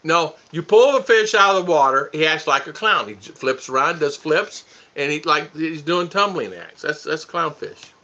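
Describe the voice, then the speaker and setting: Bright-voiced goofy man on a livestream. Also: a little high, lively intonation, moderate pace. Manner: goofy, teasing, laughs often. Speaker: livestream host reading viewer comments. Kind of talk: casual livestream chat. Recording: dull lo-fi stream audio.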